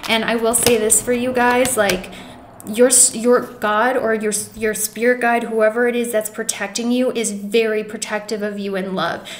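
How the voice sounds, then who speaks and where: A woman's voice: fairly high pitch, a little hiss or hum. Earnest tarot-reading woman in an echoey room. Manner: earnest, emotional, reassuring; many fillers and restarts, addresses viewers as guys. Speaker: tarot reader. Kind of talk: pick-a-card tarot reading.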